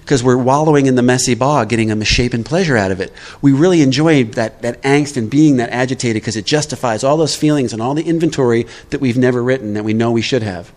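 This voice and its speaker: A man's voice: mid-range voice, fast, few pauses, a little mellow. Conversational man leading a workshop. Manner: conversational, checks in with "all right?". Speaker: recovery workshop speaker. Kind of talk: recovery workshop talk. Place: live workshop.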